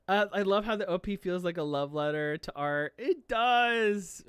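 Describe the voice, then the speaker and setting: Gushing near-teary streamer, smooth clean voice, totally dry sound, casual stream chat. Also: mid-range voice, moderate pace, few pauses, fairly bright tone, dry recording. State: near tears with emotion. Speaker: streamer reacting to an anime.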